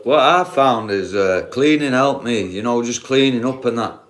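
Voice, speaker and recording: A man's voice: medium pitch, expressive, normal speed. A man with a broad Yorkshire accent, chatting casually on a live stream, rambling, swearing freely and often asking viewers if he's wrong. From Yorkshire, England. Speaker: livestreamer.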